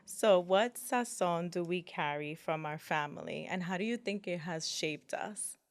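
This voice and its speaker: A woman's voice: fairly low pitch, no room sound, clean studio sound. A woman hosting a podcast who keeps the talk moving with an upbeat, affirming manner. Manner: upbeat, affirming, quick to laugh along. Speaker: podcast host. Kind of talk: casual podcast conversation.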